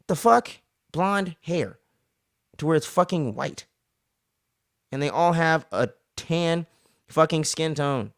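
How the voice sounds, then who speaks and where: A man's voice: on the high side, slow, creaky, pauses often, no room sound, studio quality. A young man hosting a casual TV recap, talking in loose, profane slang. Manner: slangy and profane, animated retelling. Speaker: recap show host.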